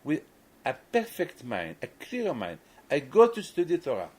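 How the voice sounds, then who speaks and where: A man's voice: fairly high pitch, wildly swooping pitch, normal speed, a little mellow, husky, low-quality recording. A man, a rabbi, gives a sermon and tells a story, often restarting and repeating words, in non-native English phrasing.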